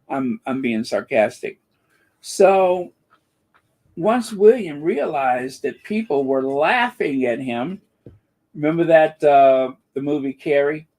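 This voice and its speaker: A man's voice: fairly high pitch, animated, slow, a little mellow. A man hosting a commentary channel, talking in a sarcastic, rambling monologue full of fillers and restarts.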